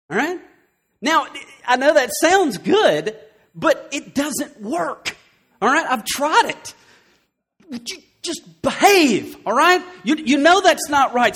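A man in his thirties preaching a sermon as pastor, emphatic and checking in with "all right?" after nearly every point. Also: high-pitched.

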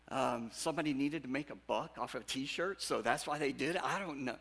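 A man preaching a sermon to a congregation in a conversational way, drawing the audience in with questions and moving between loud, animated bursts and quiet, earnest passages. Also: mid-range voice, fairly quick, creaky, hardly any pauses, breathy edge. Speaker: pastor.

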